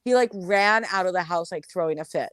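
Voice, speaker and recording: A woman telling a crude anecdote in casual chat, animated, swearing and full of fillers. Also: lowish voice, a little fast, clean tone, dry recording. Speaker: storyteller.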